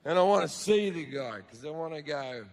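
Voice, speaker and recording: An Australian man performing profane stand-up comedy, telling stories loudly on a big theatre stage. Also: fairly high pitch, animated, normal speed, in a large hall. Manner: loud, profane storytelling with frequent shouting.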